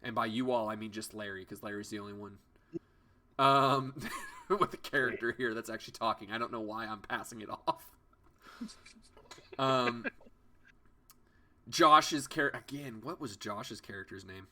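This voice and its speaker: Bright-voiced young game master. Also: male voice, mid-range voice, expressive, unhurried, pauses often. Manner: hesitant, many ums and restarts. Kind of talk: narrating a tabletop game.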